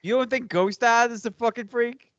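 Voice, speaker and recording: A man's voice: very high-pitched, fairly even intonation, normal speed, fairly bright tone, no room sound, lo-fi sound. A man co-hosting a podcast in casual chat, joking, swearing freely and laughing often. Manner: profane, jokey, laughs often. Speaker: podcast co-host.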